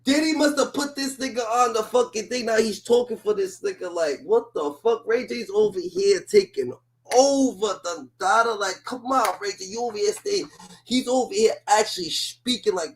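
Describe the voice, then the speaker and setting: A man hosts a reaction commentary, ranting at a clip in a loud, profane stream. His voice sits high, and he keeps circling back to the same filler phrases. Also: moderate pace. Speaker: commentary host.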